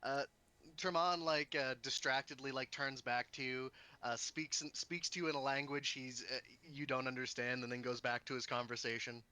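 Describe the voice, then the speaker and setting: A man playing a tabletop role-playing game, explaining his character's actions with frequent halting restarts. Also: mid-range voice, fairly even intonation, sharp tone, smooth. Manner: halting, stumbling over words. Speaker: player. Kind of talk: casual tabletop play.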